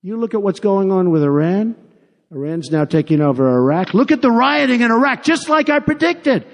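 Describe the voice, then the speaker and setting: A man's voice: high voice, big pitch swings, moderate pace. Boastful male candidate in echoing arena. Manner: boastful, repetitive, off-the-cuff. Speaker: political candidate. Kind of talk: campaign rally speech. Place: large rally venue. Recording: long arena reverb.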